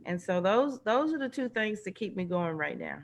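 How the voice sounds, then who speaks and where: In dull, lo-fi online stream audio, a middle-aged woman appears as a guest on a casual video chat, sharing personal stories. Her mid-range voice has some vocal fry and moves at normal speed, and as an animated storyteller she acts out the voices of the people she quotes.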